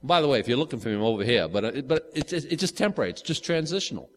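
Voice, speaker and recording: A man in his fifties preaches in an easygoing, conversational way, circling back with restarts and quick asides. His voice sits at an ordinary middle pitch. It rings with the long reverb of a large hall. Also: animated. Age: 50s. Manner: casual, rambling, with frequent restarts and asides. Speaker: pastor. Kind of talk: conversational sermon.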